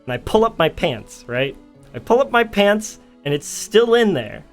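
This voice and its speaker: Giggly storyteller with a lively voice. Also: male voice, high voice, moderate pace, faint music behind. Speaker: streamer. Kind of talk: casual chat.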